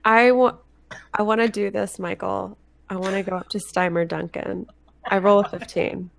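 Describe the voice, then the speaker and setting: A woman with a slightly gravelly voice plays in a tabletop game. She talks in a playful, giggly way at a middle pitch. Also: fairly even intonation, normal speed. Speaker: player.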